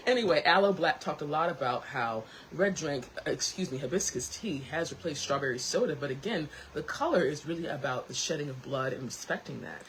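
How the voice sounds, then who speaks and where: A woman hosting her own tea talk show, chatting casually to camera, lively and quick to laugh. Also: deep voice, a little hiss or hum, poor audio.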